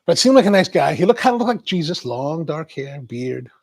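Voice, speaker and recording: A man's voice: a little high, big pitch swings, brisk, creaky, darkish tone. A man hosting a coffee livestream, chatting casually and rambling while he answers viewer comments.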